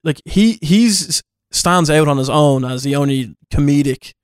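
A man's voice: fairly high pitch, animated, unhurried, smooth, dry recording, clean studio sound. A man chatting casually about a film on a podcast, rambling with many restarts and easy laughs.

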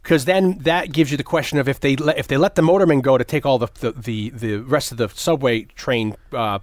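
This is clean, dry studio sound of a man with a medium-pitched voice, speaking fairly quickly. Over casual conversation about a movie, he recounts it scene by scene, voicing the characters, swearing freely, and repeatedly restarting his sentences.

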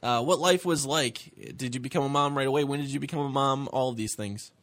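A man hosting a radio talk show, relaxed and encouraging, with short affirmations to his guest. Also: medium pitch, a little fast. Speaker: radio host.

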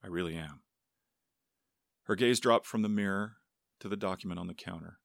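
Deep gravelly male narrator. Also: steady tone, fast talker, no echo, studio quality. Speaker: audiobook narrator. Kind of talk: scripted narration with character voices.

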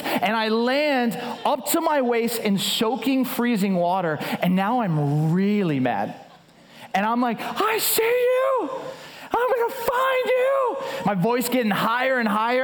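A male pastor in his thirties preaches with animated storytelling energy. His voice sits notably high for a man, and he often stumbles and restarts mid-sentence. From United States. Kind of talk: sermon with storytelling.

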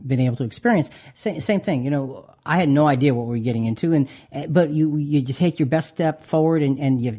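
A man's voice: a little high, brisk, few pauses, warm tone. A man hosting a Christian talk radio show, talking earnestly with many restarts. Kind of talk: casual radio chat.

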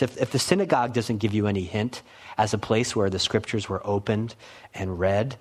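Man, pastor, expository sermon, earnest, emphatic, rhetorical questions, church. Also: medium pitch.

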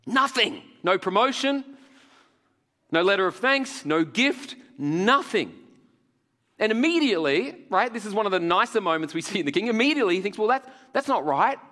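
Jokey male pastor, slightly high and animated, in a hall with long reverb. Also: normal speed. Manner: animated, jokey, laughs often. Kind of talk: sermon. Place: large hall with audience.

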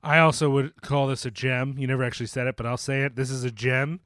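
A man's voice: medium pitch, flat delivery, fast talker, a bit bright, dry recording, studio quality. A man co-hosting a casual film podcast, talking loosely with many fillers, restarts and jokes. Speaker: podcast co-host.

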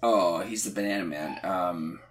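A man co-hosting a comedy podcast in casual chat, answering with frequent yeahs and telling animated stories. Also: sits low, normal speed. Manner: frequent yeah backchannels, animated storytelling. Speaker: podcast co-host.

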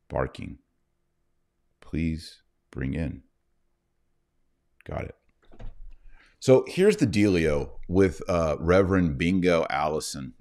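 A middle-aged livestream host rambles mockingly through his online show's commentary. His voice is low-pitched and a little mellow.

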